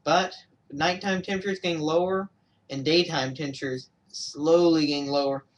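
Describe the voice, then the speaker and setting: A man's voice: on the high side, fairly even intonation, moderate pace, far from the mic. A young man from Georgia giving a casual weather update on a livestream, hesitant, with many fillers and self-corrections. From Georgia, USA. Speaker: amateur weather broadcaster.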